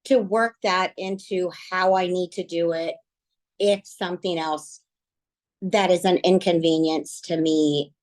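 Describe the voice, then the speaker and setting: Middle-aged woman, low-pitched, sincere and reflective book club talk, halting with fillers. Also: fairly even intonation. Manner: earnest, reflective, many fillers. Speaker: book club team member. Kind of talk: casual online group discussion.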